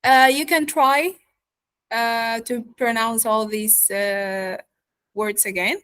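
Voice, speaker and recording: Slow, dry-voiced woman teaching accent. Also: fairly high pitch, fairly even intonation, fairly bright tone, smooth, no echo. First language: Arabic. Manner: slow, many fillers, asks "yeah?" and "okay?" after points. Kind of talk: online pronunciation lesson.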